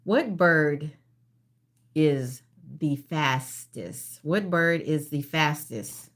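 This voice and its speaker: Woman quiz host on a casual live stream. Unhurried reads, repeats each question. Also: low-pitched, lively intonation, a bit bright. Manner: reads questions slowly and repeats them, greets viewers by name. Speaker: livestream trivia host.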